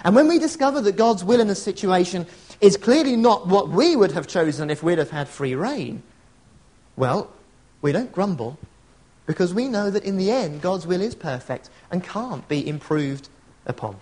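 A middle-aged man preaching with an earnest, chatty warmth of delivery. His voice sits fairly high and swings widely in pitch, rising and falling with his points. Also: big pitch swings, moderate pace. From England. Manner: earnest, conversational, storytelling asides. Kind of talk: sermon.

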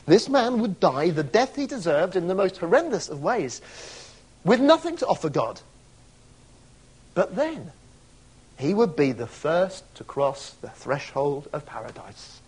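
A man's voice: a little high, big pitch swings, measured pace, a little mellow, slightly rough. A man preaching a sermon, emphatic, asking rhetorical questions and stretching key words for weight.

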